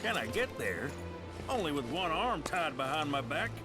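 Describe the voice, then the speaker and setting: Brash joking pilot, high and animated, over loud music. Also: male voice, moderate pace. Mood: cocky. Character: cocky wisecracking male airship pilot. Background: loud game music.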